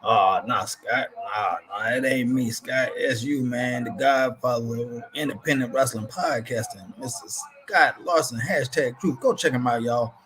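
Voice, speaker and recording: A man's voice: mid-range voice, measured pace, hardly any pauses, noisy background. A man hosting a live wrestling stream, chatting casually and reading out viewer comments, dropping "man" into nearly every sentence. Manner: laid-back, says "man" constantly, breaks into laughter.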